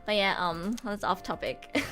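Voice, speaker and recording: A woman's voice: mid-range voice, lively intonation, measured pace, a bit bright, soft background music. A young woman streaming casually, frank and giggly, often stumbling and restarting her sentences. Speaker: streamer and voice actor. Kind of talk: casual livestream chat.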